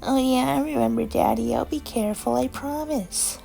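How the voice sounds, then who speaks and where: A woman voicing a small bratty demon girl with a high, whining voice. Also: moderate pace, gravelly, mellow, faint music behind. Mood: playful. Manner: high, whiny, throws tantrums. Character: little demon girl with tail and horns, bratty.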